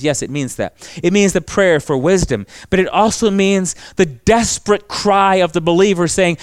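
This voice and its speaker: A man's voice: high voice, moderate pace, hardly any pauses, dry recording. A man preaching a sermon, reading scripture aloud and urging his listeners to pray with conviction. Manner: earnest, emphatic preaching with dramatic scripture reading.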